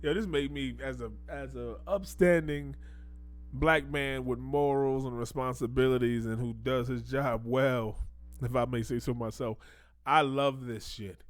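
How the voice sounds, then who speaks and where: A man hosting a casual commentary show, reacting in animated slang and breaking into mocking quoted voices. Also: medium pitch, a little slow.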